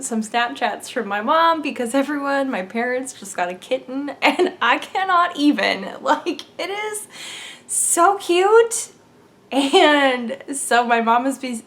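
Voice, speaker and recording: A young adult woman hosts a knitting podcast, chatting casually in a bubbly way and laughing often. Her voice is a little high and a bit bright.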